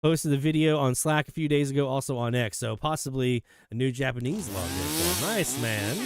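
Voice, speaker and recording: A man hosting a live radio hobby show, chatting casually and enthusiastically as he reads out listener shoutouts. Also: medium pitch, brisk, noisy background. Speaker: host of a radio hobby livestream.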